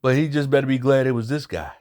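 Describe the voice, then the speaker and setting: A man's voice: medium pitch, fast talker, darkish tone. Blunt, profane man ranting about a fight. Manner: blunt, profane, emphatic, repeats points for emphasis. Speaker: boxing commentary channel host. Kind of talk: casual fight recap rant.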